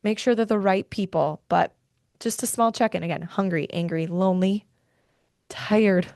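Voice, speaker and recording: A woman's voice: mid-range voice, normal speed, darkish tone, no room sound, studio quality. A woman hosting a faith and wellness podcast, speaking earnestly and with feeling, often worked up about her point. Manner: earnest, heartfelt, gets worked up. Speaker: podcast host. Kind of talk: faith-based wellness talk.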